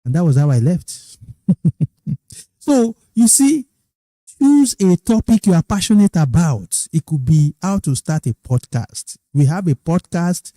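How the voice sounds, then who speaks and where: This middle-aged podcast host speaks with a Nigerian accent and a very mellow, warm tone, a little slowly, in a casual storytelling monologue. Animated, he restarts and repeats phrases, his pitch rising as he quotes other people's excitement. The recording is dry and close, with no room echo.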